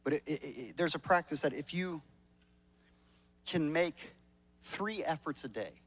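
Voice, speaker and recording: A man's voice: a little high, expressive, measured pace, a bit bright, slightly rough. A male pastor preaching a sermon at a church service in a conversational, joking way, often repeating words as he starts a sentence.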